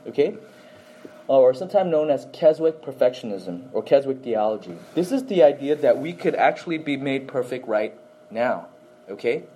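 A man's voice: a little high, dark tone, slightly rough, poor audio. A man teaching a Bible class, often quizzing listeners with questions and adding "okay?" to his points.

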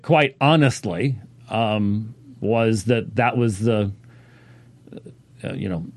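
Halting male Bible teacher, dry sound. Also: medium pitch, dry recording. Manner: halting, many fillers and restarts. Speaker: pastor. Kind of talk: casual spoken Bible teaching.

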